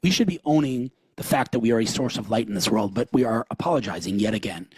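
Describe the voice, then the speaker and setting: Fast-talking husky man, earnest host. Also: mid-range voice, dry recording. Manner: fast, earnest, restarts often, acts out quotes. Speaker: podcast host. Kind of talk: impassioned discussion.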